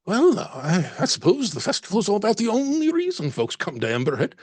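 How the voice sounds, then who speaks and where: Chatty village landlady with a lilting put-on Irish accent, high and breathy, played by a man, lively rises and falls, raspy edge. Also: fairly quick, dry recording, heavily acted. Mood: rambling. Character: homely village landlady, middle-aged, chatty, Irish lilt.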